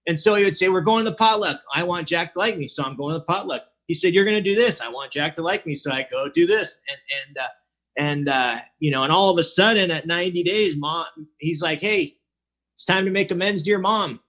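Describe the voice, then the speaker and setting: A man with a slightly higher voice talks through his recovery story over a video call, chatty and loose. He acts out both sides of old conversations and keeps saying "you know". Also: fast, sharp tone. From California. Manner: chatty, acts out quoted dialogue, says "you know" a lot. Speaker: recovery meeting speaker. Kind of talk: personal recovery story, casual. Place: online meeting, at home. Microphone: computer mic on a video call.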